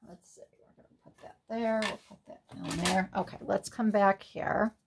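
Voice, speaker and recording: A woman's voice: medium pitch, steady tone, moderate pace, gravelly, background noise. A woman hosting a card-making tutorial, thinking aloud in a casual, musing way as she works. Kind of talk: casual crafting tutorial talk.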